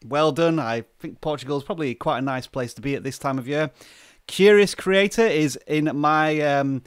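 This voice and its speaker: A man's voice: fairly high pitch, moderate pace, clean tone, dry recording. A man from the UK hosting a casual live stream, chatting and greeting viewers by name at a close microphone. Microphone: close desk microphone.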